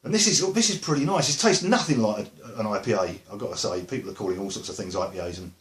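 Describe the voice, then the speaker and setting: A man's voice: lowish voice, expressive, quick pace, fairly bright tone, echoey room. A man with an Essex accent, a musician chatting casually to camera, rambling and joking with lots of fillers and asides. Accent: Essex English. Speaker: musician vlogger.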